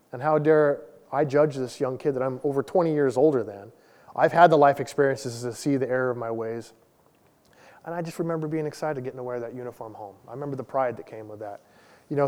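A man in his forties preaches a casual sermon, telling a personal story at his own expense in an easygoing, conversational way. His voice sits at an ordinary middle pitch, and it rings out with the long reverb of a large hall. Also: darkish tone. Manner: casual, self-deprecating storytelling. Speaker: lay pastor.

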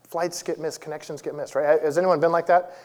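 A man's voice: on the high side, fairly even intonation, a little fast, darkish tone. A man in his forties, a church elder, preaching a sermon in a conversational, self-deprecating storytelling way. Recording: long reverb of a large hall.

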